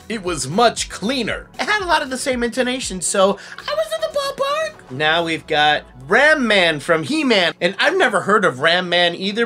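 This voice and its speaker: A male impressionist hosts a playful voice-guessing game, and his bright voice swings widely in pitch. He laughs often and keeps the delivery animated, with faint music behind. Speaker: voice impressionist, host.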